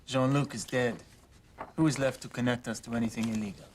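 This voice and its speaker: A man's voice: medium pitch, steady tone, fairly quick, darkish tone, slight background noise, close to an everyday voice. A man doing a fake-French bald crook. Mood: dismissive. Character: bald male criminal, dismissive.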